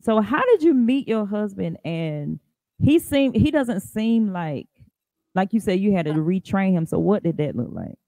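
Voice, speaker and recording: A woman's voice: mid-range voice, sing-song, measured pace, vocal fry, warm tone, no echo. A woman hosting a podcast in casual interview, chatty and laughing easily as she asks her guest questions. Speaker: podcast host.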